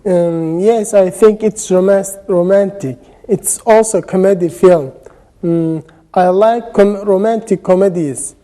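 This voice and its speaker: Hesitant adult male student voiced by a woman, very dark tone, self-correcting delivery. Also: mid-range voice, unhurried, lightly acted. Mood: easygoing. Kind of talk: scripted classroom dialogue.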